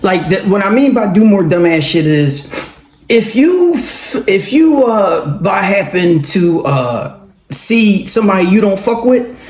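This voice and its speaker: A man with a fairly high voice tells a personal story in a loose, animated monologue. He swears freely and breaks into laughter often. The room around him is echoey. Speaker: vlogger telling a personal story.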